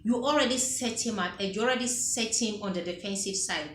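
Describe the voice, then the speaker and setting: Speaking to camera in an echoey room, a woman with a mid-range, slightly bright voice gives relationship advice at a brisk clip. She's casual and emphatic, repeating her phrases and acting out quoted dialogue, with slight background noise present.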